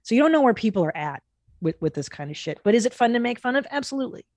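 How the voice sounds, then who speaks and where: A woman hosting a podcast in casual chat, blunt and animated, swearing freely. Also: a little high, racing, no echo. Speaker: podcast host.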